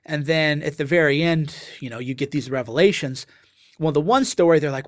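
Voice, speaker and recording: Brief: male guest, casual and animated, acts out quoted lines, dry recording. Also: on the high side, fairly quick, dry recording. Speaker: interview guest. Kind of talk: casual conversational explanation.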